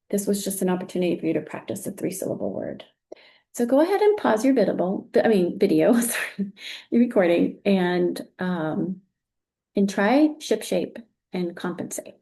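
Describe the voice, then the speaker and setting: Woman teacher explaining step by step, warm mellow tone, says very good a lot. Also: medium pitch, vocal fry. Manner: patient, encouraging, with frequent "very good". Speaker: teacher trainer. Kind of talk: recorded teaching demonstration.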